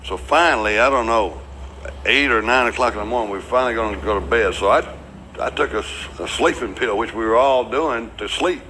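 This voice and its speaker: An older man tells a story in a documentary interview. His voice is bright, and he rambles and restarts before bursting into the lines he quotes. There is a faint hiss behind him. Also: mid-range voice, fairly quick, low-quality recording. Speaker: interviewee recalling past events.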